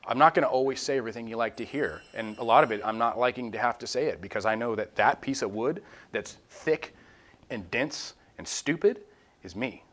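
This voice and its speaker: A man teaching a small church group in a loose, conversational way at a middling pitch. He is animated and candid, pokes fun at himself, and slips into little acted-out voices to make his point. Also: a little fast. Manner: animated, acts out quoted voices and prayers; candid and self-deprecating. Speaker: small-group Bible study leader.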